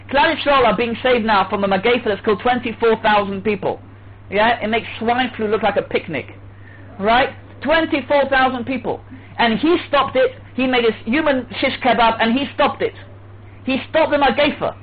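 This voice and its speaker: High-pitched male Torah teacher, animated, heard on a thin phone-quality line. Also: husky. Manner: animated, acts out voices, restarts often. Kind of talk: Torah class lecture. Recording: tinny phone-like line with faint hiss.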